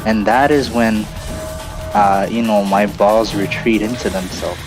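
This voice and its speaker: A man's voice: on the low side, steady tone, a little slow, low-quality recording. A man in his late twenties or thirties, a streamer host telling a long story in a loose, rambling way full of fillers. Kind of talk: casual storytelling during a game stream. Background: game music.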